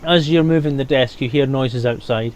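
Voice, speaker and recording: A man narrating and refereeing as game master, in a relaxed way with hesitant fillers. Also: mid-range voice, normal speed, a loud crowd.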